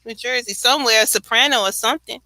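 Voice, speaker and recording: A woman with a New York accent, very bright and crisp in tone, chatting casually late at night. Her talk is animated and rambling, full of asides and frequent laughs. The sound is close and dry, with no room around it. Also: on the high side, fast, no room sound, low-quality recording. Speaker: co-host.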